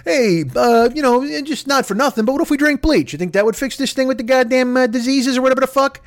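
A man's voice: extremely high pitch, quick pace, pitched above the performer's own voice. A man briefly putting on the voice of a blustering male politician who rambles carelessly. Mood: flippant. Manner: offhand, rambling.

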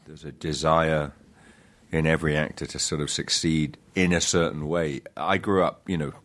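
A middle-aged man, an actor telling stories in an interview, halting and self-deprecating with many restarts. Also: a bass voice, steady tone, fairly bright tone. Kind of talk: casual interview storytelling.

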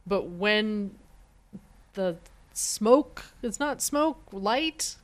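A woman's voice: medium pitch, expressive, very slow. A woman co-hosting a podcast, recapping a comic book story in a rambling, chatty way and often breaking into laughter. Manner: rambling, laughs often, acts out character lines. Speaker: podcast co-host.

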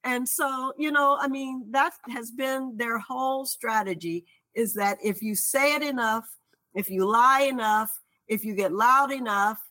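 A woman's voice: on the high side, unhurried, pushed and bright, dry recording. A woman political strategist speaking as a guest on a talk radio show, frank and matter-of-fact.

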